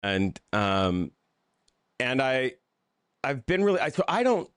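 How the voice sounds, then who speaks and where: A man's voice: mid-range voice, sing-song, a bit bright, clear, resonant tone, no echo, studio quality. A man who is a pastor and author, talking through his story in a casual interview, candid and self-deprecating, often restarting his sentences. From Southern United States. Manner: halting, restarts and repeated words.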